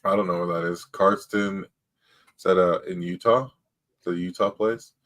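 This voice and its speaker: A man co-hosting a casual live stream, who talks in a halting, unsure way with many fillers. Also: low voice, steady tone, a bit bright. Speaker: co-host.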